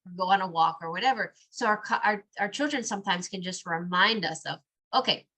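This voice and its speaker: A mother talking in a casual podcast conversation, lively, acting out bits of quoted dialogue as she goes. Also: medium pitch, a little fast.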